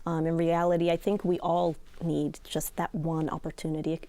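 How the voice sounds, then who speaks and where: A woman's voice: deep voice, little pitch movement, normal speed, dark tone, dry recording. A woman who heads a housing nonprofit, speaking earnestly in an interview with frequent hesitations. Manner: earnest, hesitant with many fillers. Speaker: nonprofit executive director. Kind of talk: casual interview chat.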